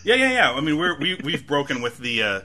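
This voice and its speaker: A man with a very bright, forceful voice, chatting casually as a podcast co-host. He rambles and pokes fun at himself, often restarting sentences mid-thought. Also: fairly high pitch, very animated, fairly quick. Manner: rambling, self-mocking, many restarts. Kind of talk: casual TV recap chat.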